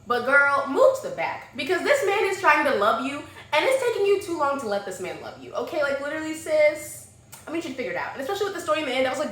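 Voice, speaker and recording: A young woman chats about books she loves, her fairly high voice swinging from hushed murmurs to loud excited exclamations. The room around her is echoey, with a faint hiss underneath. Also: quick pace. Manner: gushing and animated, swings between soft murmurs and loud exclamations. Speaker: book vlogger. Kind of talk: casual book review chat.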